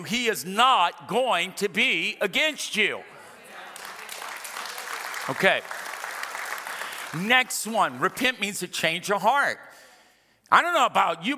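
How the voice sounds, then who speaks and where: A man's voice: sits high, bright, forceful tone. A middle-aged man preaching a sermon as pastor, emphatic and repetitive, with humorous asides. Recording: long reverb of a large hall.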